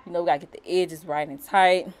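A woman's voice: lowish voice, fairly even intonation, fast. A young woman doing a casual, unscripted voiceover for a wig install tutorial. She talks in chatty slang, full of "you know" and "y'all", and keeps breaking off to giggle and apologize out of nerves.

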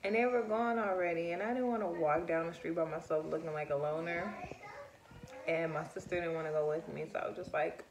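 A woman's voice: lowish voice, steady tone, a little fast, background noise. A young woman talking casually to her phone camera in a vlog, chatty, slangy and candid, rambling through her stories. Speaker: vlogger and mother. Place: home, then outdoors. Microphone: handheld phone camera.

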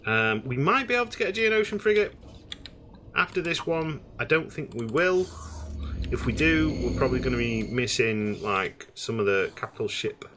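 A man's voice: medium pitch, animated, fairly quick, bright, forceful tone, slight background noise. A man giving casual, rambling let's-play commentary on a space game, full of hesitations. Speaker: gaming streamer.

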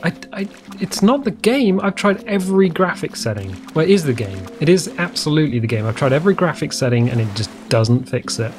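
A playful game streamer talks through a survival game in a loose, joking way, pitch bouncing up and down with every little surprise. The voice sits in a middle register, with faint music behind it. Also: sing-song, a little fast, hardly any pauses. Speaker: gameplay streamer. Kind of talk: casual gameplay commentary.

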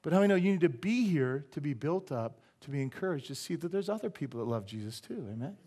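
A man preaching a sermon in church, animated and joking, often asking the congregation for an amen and tossing in silly voices and sound effects. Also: a little high, fast talker. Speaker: pastor. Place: church sanctuary.

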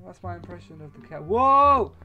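A man's voice: sits high, very animated, normal speed, muffled recording, faint music behind. A young man commentating a video game, swearing and exclaiming as he rambles along. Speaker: gamer. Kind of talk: let's play commentary.

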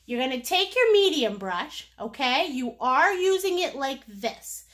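Brief: woman, high bright voice, playful art teacher, chatty and encouraging. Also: sing-song, measured pace. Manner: silly, joking, encouraging; chatty, endearing pet names. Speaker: painting instructor. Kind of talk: live painting lesson.

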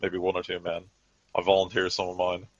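Guy doing a firm practical officer, deep voice, dull recording. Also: completely flat delivery, a little fast, no room sound.

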